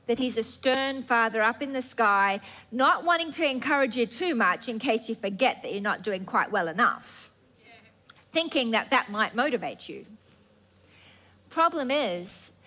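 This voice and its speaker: Woman preacher, high voice, unhurried, earnest and emphatic delivery with occasional restarts. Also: sharp tone. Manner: earnest, emphatic, drawn-out phrases with stammering restarts. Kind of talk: sermon.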